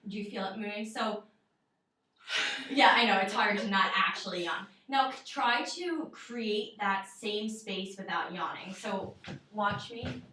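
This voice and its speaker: A woman's voice: medium pitch, expressive, unhurried, pushed and bright, slight background noise. A young woman giving a one-on-one singing lesson, explaining in a casual, chatty way with many fillers. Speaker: voice teacher. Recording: roomy echo, mic far off.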